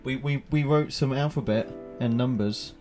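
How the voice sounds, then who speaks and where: A man's voice: medium pitch, normal speed. A young man co-hosting a casual podcast, tossing in wry, joking asides. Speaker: podcast co-host. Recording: music playing behind.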